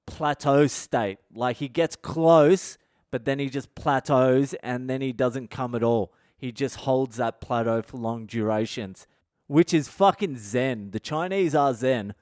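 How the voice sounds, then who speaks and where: A middle-aged man, hosting a comedy podcast with crude, swearing, animated rants. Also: medium pitch, dry recording, clean studio sound. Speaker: podcast host. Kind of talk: comic monologue.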